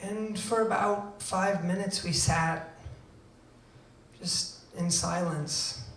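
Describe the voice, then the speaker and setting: A man telling a true personal story to a live audience, acting out quoted lines and swinging between hushed and loud delivery. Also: high-pitched, steady tone, takes it slowly. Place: event venue before an audience. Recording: roomy venue, voice from far off.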